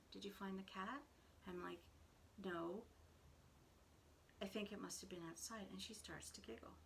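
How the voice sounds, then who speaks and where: A middle-aged woman, hosting a casual podcast and telling a lively story, acting out what each person said. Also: mid-range voice, gravelly, slight background noise. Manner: animated storyteller, acts out quoted voices. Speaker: knitting podcast host.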